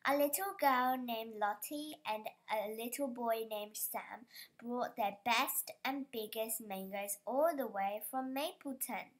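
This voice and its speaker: Woman, children's book reading, unhurried pace, occasional stumbles. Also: fairly high pitch. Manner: careful, stumbles on some words. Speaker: storybook reader.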